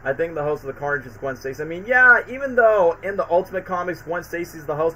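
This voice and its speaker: A male live-stream host who talks in a rambling, enthusiastic rush full of likes and asides. His voice is bright and sits a bit high for a man. A faint noise hangs in the background. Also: fast, hardly any pauses, poor audio. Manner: rambling, enthusiastic, filler-heavy. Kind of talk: casual live-stream chat.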